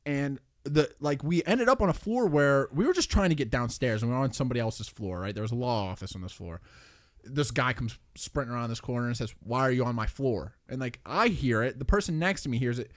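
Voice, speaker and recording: A man co-hosting a podcast, telling animated anecdotes in casual chat and laughing at his own stories. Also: mid-range voice, brisk. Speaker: podcast co-host.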